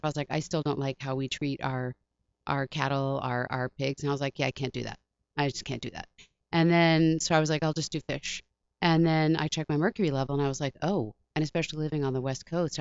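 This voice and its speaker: A woman's voice: sits low, clear, resonant tone, no echo, muffled recording. A woman from the Washington, D.C. area, a guest chatting casually and rambling, acting out her own quotes. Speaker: actress guest. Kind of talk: casual interview chat.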